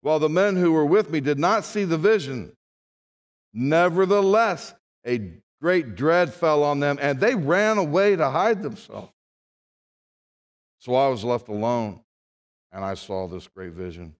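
A man preaching a sermon as a pastor, with dramatic swings from hushed, low reading to loud, raised proclamation. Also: animated, a little slow. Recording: long hall reverb.

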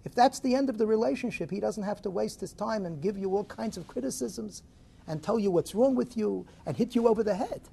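A man voicing a shrewd fired worker who reassures his friend, in a gravelly voice within a lecture parable. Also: high-pitched, fairly quick, dark tone, heavily acted. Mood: reassuring. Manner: reassuring, explaining.

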